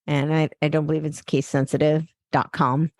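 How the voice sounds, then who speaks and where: A woman's voice: low voice, little pitch movement, moderate pace, a little mellow, no room sound, studio quality. A woman guest on a podcast who talks casually and loosely, with many fillers and restarts. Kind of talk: casual interview talk.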